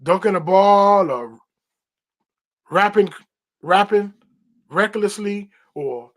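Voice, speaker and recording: Male podcast host with a high voice, preaching emphatically and repeating himself. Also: takes it slowly. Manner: emphatic, repetitive, preacherly cadence. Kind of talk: preaching-style podcast monologue.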